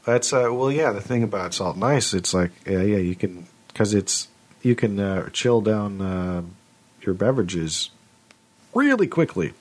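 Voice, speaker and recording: Low raspy guy rambling on a podcast call, keeps restarting his sentences. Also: animated, unhurried. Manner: rambling, self-interrupting, stumbling over words. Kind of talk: casual chat. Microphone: remote call.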